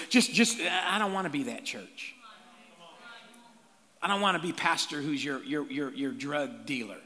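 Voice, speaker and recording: A male pastor preaching a sermon with energy, calling out to the congregation for answers and building to shouts. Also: high voice, normal speed. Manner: energetic call-and-response preaching, rising to shouts. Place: church sanctuary. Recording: long reverb of a large church hall.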